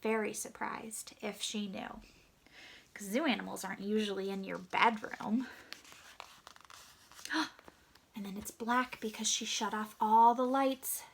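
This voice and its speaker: A woman reading a picture book aloud to young children, asking them gentle questions and sometimes dropping to a hushed whisper. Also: mid-range voice, steady tone, normal speed, creaky, slightly rough. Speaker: children's story reader.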